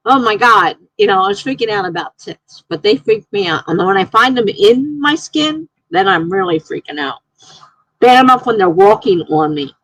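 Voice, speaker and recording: A woman live-streaming from home, chatting casually, reading viewer comments aloud and telling excitable stories. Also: mid-range voice, normal speed, dry recording, low-quality recording.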